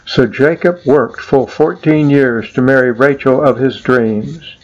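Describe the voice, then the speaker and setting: A man's voice: mid-range voice, a little slow, hardly any pauses, highs cut off. Man reading a rhyming poem. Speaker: poem narrator. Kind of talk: rhyming scripted narration.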